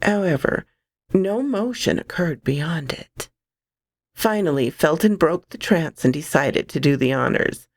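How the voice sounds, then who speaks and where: A woman reading a horror story aloud, expressive and dramatic, close to the microphone. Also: sits low, unhurried, creaky, no echo.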